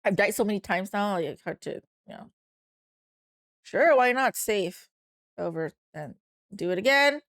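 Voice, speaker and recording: Woman reading a story game aloud, mid-pitched, quick to swear at herself; faint music behind. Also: animated, vocal fry, a bit bright, dry recording. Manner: exclaims at jump scares. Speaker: gamer playing a story game.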